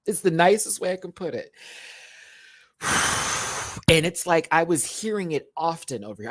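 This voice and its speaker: A man with a Southern US accent chatting casually on a livestream from a hotel room, animated and full of terms of endearment. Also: fairly high pitch, a little slow, pauses often, dry recording. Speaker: YouTube host.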